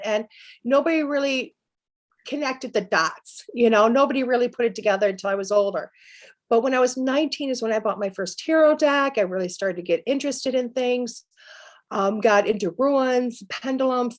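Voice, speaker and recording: Middle-aged woman guest, kinda high voice, chatty storytelling w/ little laughs. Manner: lively anecdotal telling with laughs. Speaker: psychic medium guest. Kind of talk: storytelling interview chat.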